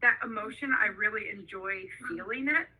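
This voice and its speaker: Bright-voiced chatty woman. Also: medium pitch, normal speed, poor audio. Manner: chatty, reflective, rambling. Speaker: caller, group member. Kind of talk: casual chat.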